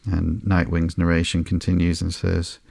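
A man hosting a podcast, reading through a comic book in a slow, sleepy, monotone way with soft fillers. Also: deep voice, creaky, husky, dry recording, studio quality. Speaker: podcast host.

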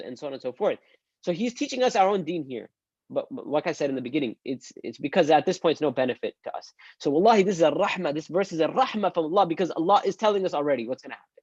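A male Islamic teacher giving an online religious lesson, animated and acting out quoted speech. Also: fairly high pitch, husky, dry recording, dull audio.

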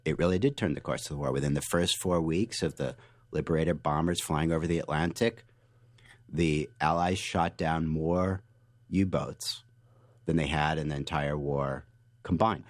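A man being interviewed as a guest author, telling stories with lively energy and frequent restarts. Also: rumbling low, moderate pace, no room sound. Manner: animated storyteller, restarts often. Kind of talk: interview answers.

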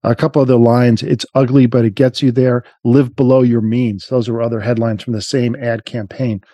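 A man chats casually on a podcast in a mellow, relaxed voice. He rambles and restarts his sentences often, and the recording is dry and close. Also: medium pitch, moderate pace, dry recording. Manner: rambling, frequent restarts and fillers. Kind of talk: casual chat.

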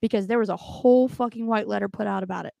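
A woman's voice: mid-range voice, quick pace, vocal fry, mellow, no room sound, highs cut off. A young adult woman co-hosting a podcast in casual, blunt, profane chat, laughing often. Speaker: podcast co-host.

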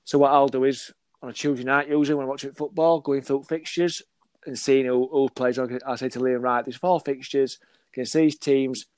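A man's voice: medium pitch, fairly quick, smooth, dry recording. A man, a football scout chatting on a podcast, acting out dialogue and laughing as he tells stories. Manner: animated storyteller, acts out dialogue, laughs often. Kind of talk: casual podcast chat.

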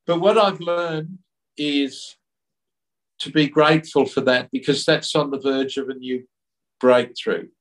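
A man being interviewed, talking in an earnest, reflective way with halting restarts. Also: fairly high pitch, fairly even intonation, fairly bright tone, far from the mic, rough recording. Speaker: interview guest. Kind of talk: reflective conversational storytelling.

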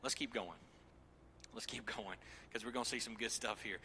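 A man preaching a sermon with jokes, swinging from loud, energetic Bible reading to near whispers, on a handheld microphone. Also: lowish voice, normal speed, long pauses, slightly rough. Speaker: pastor. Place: church sanctuary.

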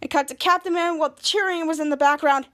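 Female podcast host with a high voice, chatty scene-by-scene TV recap. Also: steady tone, fast, a bit bright. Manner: retells scenes line by line, quoting the characters. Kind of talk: casual TV episode recap.

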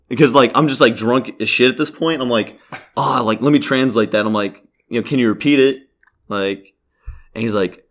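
A young man spins a rambling anecdote in relaxed podcast chat. His voice sits at an ordinary pitch. He swears freely, leans on "like" constantly and keeps laughing through the story. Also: moderate pace. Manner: rambling, profane, many "like" fillers. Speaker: podcast host telling a story.

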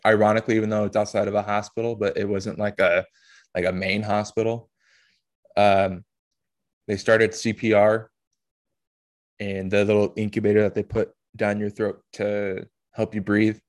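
A man hosting a podcast, telling a personal story in an emotional, halting way with blunt swearing. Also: lowish voice, little pitch movement. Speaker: podcast host.

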